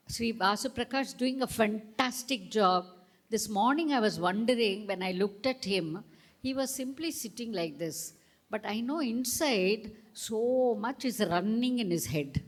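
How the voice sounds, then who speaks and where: A middle-aged woman with an Indian English accent, a storyteller giving a speech at a school event and drawing the crowd into call-and-response. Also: mid-range voice. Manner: slow, animated, coaxing the crowd. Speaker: storyteller and guest speaker.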